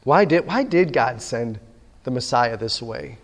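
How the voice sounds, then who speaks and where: A man's voice: medium pitch, animated, a little slow. A man preaching a sermon, telling stories animatedly and acting out the dialogue himself. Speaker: pastor. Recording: long hall reverb.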